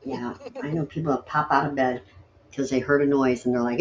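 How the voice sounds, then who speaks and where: A woman's voice: a bass voice, steady tone, a little fast, muffled recording, a little hiss or hum. A woman hosting a late-night poetry stream, chatting casually in a rambling, grumbly, self-deprecating way. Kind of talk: casual chat.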